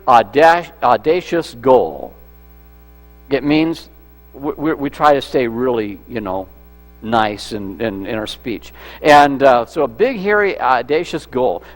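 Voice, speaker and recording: Male pastor, chatty sermon delivery, a touch high-pitched, reverberant hall recording. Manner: conversational, repeats words and restarts, asks the congregation questions. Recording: echoey hall with mains hum.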